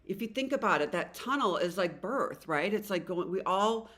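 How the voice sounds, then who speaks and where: A woman in her fifties giving a casual spiritual tarot reading to camera, excitable and rambling, swearing freely and trailing off mid-sentence. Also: medium pitch, normal speed. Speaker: tarot reader.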